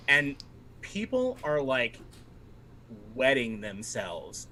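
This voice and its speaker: A male game master narrating a tabletop campaign in a loose, rambling way, full of fillers. His voice is bright and clear-edged. He keeps the story moving in a relaxed, conversational tone. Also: mid-range voice, measured pace. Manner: casual, rambling, many fillers.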